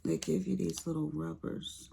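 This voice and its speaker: A woman's voice: low voice, steady tone, moderate pace, vocal fry, mellow, a little hiss or hum. A middle-aged woman chatting casually to her viewers while unboxing craft supplies, calling them honey. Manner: chatty, calls viewers honey, Southern-tinged slang. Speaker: craft vlogger.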